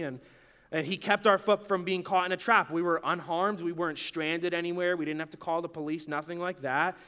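High-voiced, bright, chatty young pastor. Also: male voice, fairly quick, clean tone. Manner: animated, chatty, laughs often, full of "like". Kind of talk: casual storytelling sermon.

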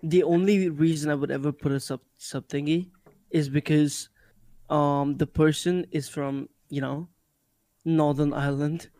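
A man's voice: a little high, a little mellow, dry recording. A man from India, in casual chat, emphatic and repeating himself, swearing casually.

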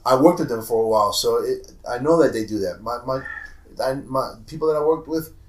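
A man in casual chat, speaking in a measured, hesitant way. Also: medium pitch, recorded from a distance. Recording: roomy, off-mic.

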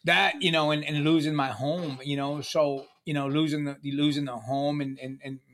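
Middle-aged guy rambling thru a story, cusses a lot, kinda high tense voice. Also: little pitch movement, normal speed, a bit bright. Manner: rambling, profane, emphatic, with many restarts and fillers. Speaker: guest sharing his recovery story. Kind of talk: casual storytelling.

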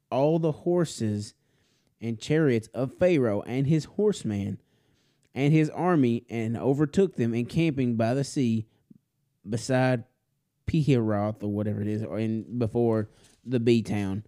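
Male Sunday school teacher, warm low timbre, casual scripture reading with asides. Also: measured pace. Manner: casual asides, self-correcting, folksy.

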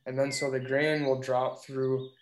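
A man's voice: mid-range voice, unhurried. Man telling a story, roomy sound. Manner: animated, vivid retelling. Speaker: delivery truck driver. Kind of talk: casual storytelling chat. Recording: roomy echo with faint noise.

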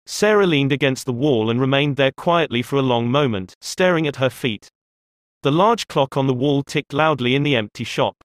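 Measured male audiobook narrator, dry sound. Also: medium pitch, dry recording. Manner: measured, expressive storytelling.

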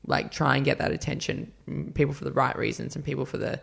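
Casual guy with a creaky edge to his voice, a chatty interview guest acting out quotes. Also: mid-range voice, fairly even intonation, fast, fairly bright tone. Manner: chatty storyteller, acts out quotes, many fillers. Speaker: podcast guest, runner.

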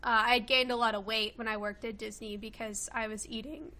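A woman's voice: a little high, little pitch movement, a little fast, sharp tone. A woman in her twenties from Kentucky, chatting casually at home as a guest, with lots of fillers and laughs. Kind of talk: casual chat. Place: home with a loud pet bird.

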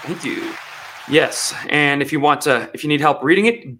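A man's voice: a little high, unhurried, pushed and bright. Sarcastic man ranting on a commentary show. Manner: sarcastic, mocking. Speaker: commentary host.

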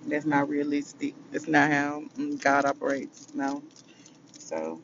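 A man with a slightly high voice and a gravelly, fry-laced edge preaches to his viewers, calling them baby and honey. He sounds emotional after a hard day. The sound is muffled, and loud vehicle noise runs underneath. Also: steady tone, unhurried. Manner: preachy, affectionate, calls listeners baby and honey. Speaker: vlogger. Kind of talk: casual spiritual talk to viewers.

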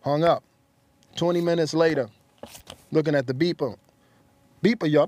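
A man from the Bronx spins a long story in an interview, his voice sitting a little high. He is animated and acts out the voices of the people in his tale. The sound is dry and close to the mic. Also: moderate pace, pauses often, dry recording. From the Bronx, New York. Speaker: interview guest. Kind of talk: anecdotal storytelling.

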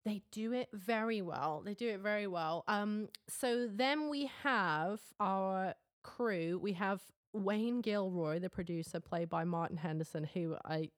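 A woman's voice: mid-range voice, unhurried, few pauses, no echo, clean studio sound. An Englishwoman co-hosting a podcast, chatting casually about a film, swearing freely and laughing often. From England. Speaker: podcast co-host. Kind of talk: casual film review chat.

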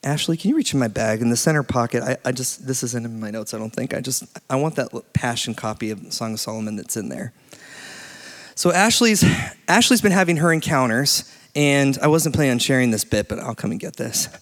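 A man in his late thirties preaching a sermon in a church, telling stories with lively energy and laughing often. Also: mid-range voice, a little fast. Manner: animated storytelling, laughs often. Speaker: pastor. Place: church hall. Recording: long hall reverb.

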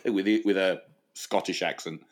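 A man co-hosting a comedic podcast, reacting quickly with playful teasing. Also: deep voice, steady tone. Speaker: podcast co-host. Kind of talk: comedic casual chat.

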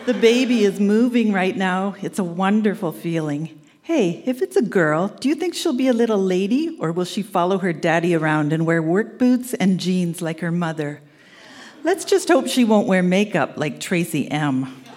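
A woman's voice: lowish voice, lively intonation, moderate pace, darkish tone. A woman in her sixties from Canada reading her old love letters aloud on a live stage, teasing and laughing through them. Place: live event centre stage.

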